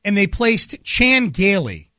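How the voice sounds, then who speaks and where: A man's voice: high-pitched, huge pitch swings, slow pace, pushed and bright, dry recording, clean studio sound. A man co-hosting a sports talk show, chatty and joking. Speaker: sports radio co-host.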